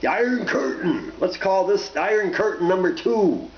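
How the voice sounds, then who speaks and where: A man's voice: high-pitched, sing-song, moderate pace. A man ranting casually to camera, blunt and profane, rambling from point to point. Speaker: vlogger. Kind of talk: casual opinion rant to camera. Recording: roomy, dull lo-fi home recording.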